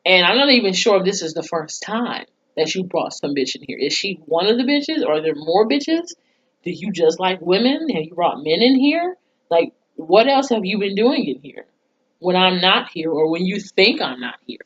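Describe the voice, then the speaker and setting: A woman's voice: lowish voice, big pitch swings, normal speed, slightly rough. A woman reviewing a TV episode in a casual recap, blunt and profane, often laughing as she talks. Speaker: TV show reviewer. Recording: dull lo-fi sound.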